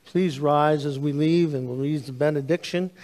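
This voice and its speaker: Pastor in an echoing church. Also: male voice, fairly high pitch, moderate pace. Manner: animated storytelling, acts out dialogue. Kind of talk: sermon. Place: church sanctuary. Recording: long hall reverb.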